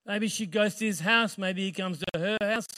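High-voiced man preaching a sermon. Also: moderate pace. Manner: storytelling, animated, asks the audience questions. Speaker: pastor.

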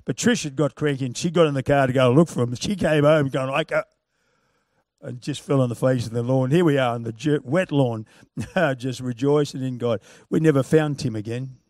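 A man preaching a sermon, moving from loud, punchy calls to quiet, chuckling storytelling. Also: medium pitch, moderate pace, dry recording, clean studio sound.

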